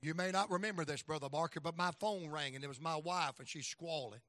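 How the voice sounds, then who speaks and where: Man, evangelist sermon, bright forceful tone, dry close sound, folksy storytelling. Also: on the high side, a little fast, no room sound. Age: middle-aged. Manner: folksy storytelling, acts out voices, swings loud and soft. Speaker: evangelist preacher.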